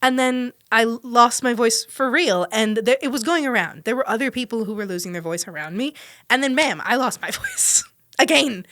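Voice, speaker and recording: A woman's voice: on the high side, animated, moderate pace, a bit bright, no room sound, studio quality. A young woman hosting a podcast, telling a personal story in a chatty, self-deprecating way and laughing often. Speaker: podcast host. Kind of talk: casual storytelling monologue.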